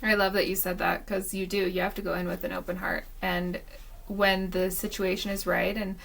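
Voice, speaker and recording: A woman's voice: fairly low pitch, little pitch movement, normal speed, vocal fry, a bit bright, low-quality recording. A woman hosting a podcast, chatting casually and speaking to listeners directly in an encouraging way. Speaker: podcast host. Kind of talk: casual interview chat.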